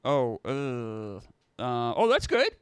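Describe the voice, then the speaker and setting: A man's voice: mid-range voice, huge pitch swings, slow pace, smooth, dry recording. A man co-hosting a casual sports betting chat, wry and easygoing, often stammering. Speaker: podcast co-host.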